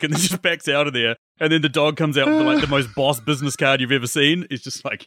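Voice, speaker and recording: Animated male podcast host. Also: on the high side, fast, hardly any pauses, no echo, clean studio sound. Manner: animated, acts out characters' reactions. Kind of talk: casual film discussion.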